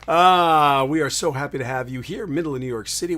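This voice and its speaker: A man's voice: on the high side, fairly quick, bright, forceful tone. A man hosting a live tech show from New York City, chatting upbeat and rambling as he greets viewers in the chat.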